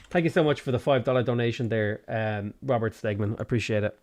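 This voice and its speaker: A man's voice: medium pitch, fairly even intonation, fast talker, hardly any pauses, darkish tone. A man with a Dublin Irish accent giving chatty live gameplay commentary, swearing freely with bursts of exasperation. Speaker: game streamer.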